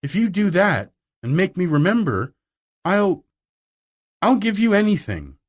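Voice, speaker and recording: A timid, slow, kind-hearted schoolgirl in a storybook reading, as a man puts her on. She stammers and hesitates, her voice pushed up high with a lively, rising melody. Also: full character voice. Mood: earnest. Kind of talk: audiobook reading.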